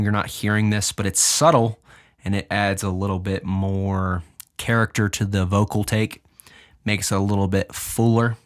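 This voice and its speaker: A young man hosting a podcast, casually explaining his music and deliberately moving his pitch up and down as he talks. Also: smooth. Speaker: podcast host and music producer.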